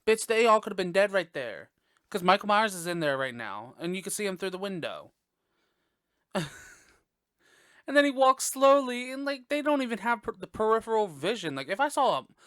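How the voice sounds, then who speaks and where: Chatty, foul-mouthed man, fairly high voice. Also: big pitch swings, moderate pace, a bit bright, no echo, clean studio sound. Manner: blunt, profane and gossipy, with sudden high exclamations. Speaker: podcast host. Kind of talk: casual movie review chat.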